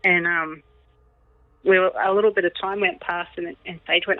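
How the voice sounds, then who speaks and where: A woman in her thirties, a podcast guest telling a personal story in an animated way, laughing often. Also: on the low side, normal speed, no room sound. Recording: tinny phone-like line, dry.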